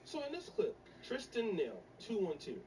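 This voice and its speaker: A man's voice: sits high, huge pitch swings, moderate pace. A man hosting a casual commentary show, introducing clips and repeating words for emphasis. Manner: repetitive, emphatic. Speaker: commentary channel host. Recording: distant mic, faint background noise.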